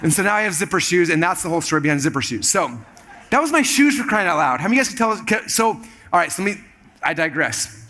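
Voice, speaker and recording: A man tells a rapid-fire story from the stage to a live crowd. His voice sits somewhat high and rings bright and forceful. He keeps slipping into other people's voices as he acts out what they said. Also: slight background noise. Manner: animated, acts out quoted dialogue in shifting voices. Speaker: keynote speaker. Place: live event stage with audience.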